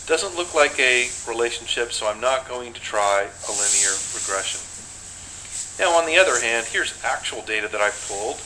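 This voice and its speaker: A man giving a measured, step-by-step recorded lesson, pointing through charts as he explains. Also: medium pitch, lively intonation, pushed and bright, a little hiss or hum, low-quality recording. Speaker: instructor. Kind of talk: screen-recorded lecture.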